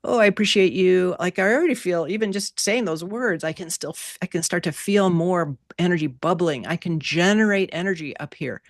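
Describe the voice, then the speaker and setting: A woman teaching an online workshop class over a video call, in an animated, playful way that repeats key words. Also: fairly low pitch, brisk, few pauses, dry recording, clean studio sound.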